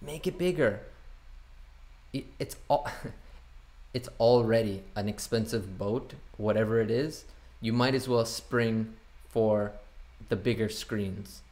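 A man's voice: on the low side, slow, a little mellow. Chatty man giving casual opinions. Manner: chatty, opinionated, thinks aloud. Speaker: boat broker reacting to a promo video. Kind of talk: casual reaction commentary.

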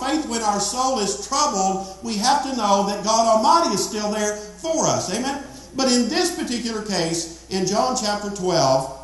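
A man preaching a sermon as pastor, emphatic and repetitive, calling out to the congregation. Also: high-pitched. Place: church sanctuary. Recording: very echoey church hall.

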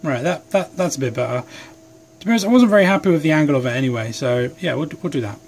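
A young man with a slightly higher voice talks in a loose, rambling, self-deprecating way as he works at a home bench. He sounds a little sleep deprived. A faint hum sits under the phone recording. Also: animated, fast, gravelly, darkish tone. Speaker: hobby craft vlogger. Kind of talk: casual chat while working. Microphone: phone camera.

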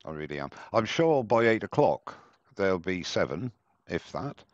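A man's voice: low-pitched, very animated, normal speed, no echo. A man hosting a live demo stream, chatting casually and joking at his own expense over a headset. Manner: chatty, self-mocking, rambling. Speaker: host of a live woodturning demo. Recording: dull, dry headset sound.

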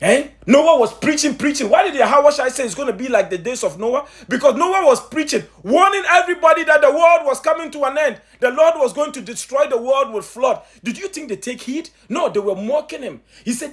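A man's voice: very high voice, brisk, hardly any pauses. A man preaching with urgent emphasis, repeating himself, stammering restarts and asking his listeners rhetorical questions. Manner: stammering restarts when excited. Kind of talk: impassioned sermon commentary.

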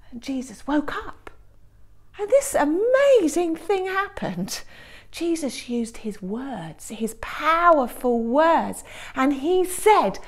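A woman presents a children's assembly, telling a story expressively in a high voice at a slow pace. She drops to hushed whispers, then rises into excited, louder bursts.

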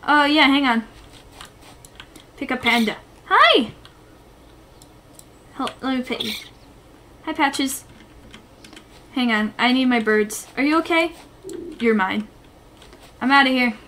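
A woman streamer giving goofy, excitable let's play commentary. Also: sits high, slow pace, long pauses. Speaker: gaming streamer.

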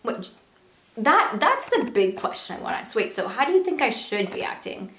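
A woman's voice: on the high side, very animated, normal speed, a bit bright, a little hiss or hum. A young woman vlogging to camera in a casual, earnest way, full of rhetorical questions. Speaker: beauty and lifestyle vlogger. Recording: echoey room.

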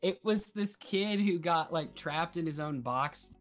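A man's voice: fairly high pitch, a little slow, soft background music. A man co-hosting a podcast, telling stories in casual chat and laughing often. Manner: laughing, animated storytelling. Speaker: podcast co-host.

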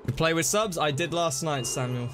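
A man's voice: a little high, moderate pace, music in the background. A young man streaming a game live, chatting casually with his viewers between plays. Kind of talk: casual live-stream chat while gaming.

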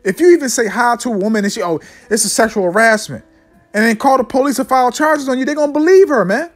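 A man preaching a fiery sermon, ending nearly every line with "man" and slowing down to read scripture solemnly. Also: very high-pitched, soft background music. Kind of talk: fiery street-style sermon with scripture readings.

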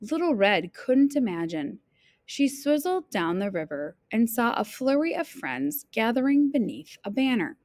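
A woman teacher reading a children's picture book aloud in an expressive, playful storytelling manner. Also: a little high, measured pace, no echo.

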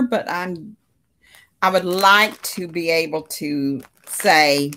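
A woman's voice: lowish voice, takes it slowly, pushed and bright. A woman hosting a casual crochet livestream from her living room, chatting with viewers and laughing often. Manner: chatty, reads out comments, frequent laughter. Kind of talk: casual chat with live viewers.

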